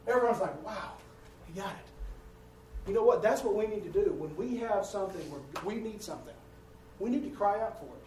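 Male preacher, high voice, folksy storyteller with big swings from loud to soft, recorded from a distance in a roomy church. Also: expressive, fast talker, a little hiss or hum. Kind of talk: sermon. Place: church sanctuary. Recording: echoey room heard from a distance.

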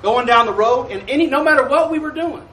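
A man preaching a sermon to his congregation, calling for "Amen" responses and drawing out mock commandments in a slow solemn tone. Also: very high-pitched, animated, bright, forceful tone. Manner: drawls mock King James commandments slowly. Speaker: pastor. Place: church sanctuary. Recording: echoey church from a distance.

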